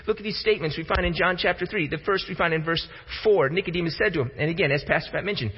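Man preaching a sermon, fairly high husky voice, emphatic, restarts a lot. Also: very fast. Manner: emphatic, repeats words when starting. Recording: reverberant hall, dull lo-fi sound.

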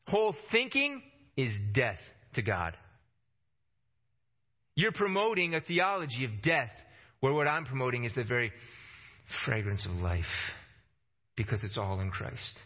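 A male preacher delivering a sermon with fervor, his voice climbing to emphatic peaks before sinking low to press a point home. He often doubles words as he launches a phrase. The recording is slightly muffled and lo-fi, with a mid-range voice. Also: big pitch swings, a little slow, pauses often. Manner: passionate, rising to emphatic peaks and dropping low for stress; repeats words when starting phrases.

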